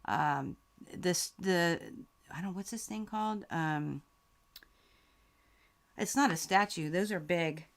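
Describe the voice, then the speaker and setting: Taking her time with long pauses, a low-voiced woman hosts her quilting channel's live Q&A. She reads comments from viewers with deep gratitude and emotion, on the verge of crying.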